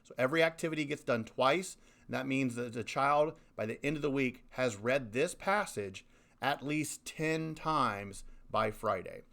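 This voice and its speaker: A male school principal with a mid-pitched voice talks parents through a reading program. He speaks emphatically, leaning on key words and repeating them for effect. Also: a little slow, vocal fry, a bit bright.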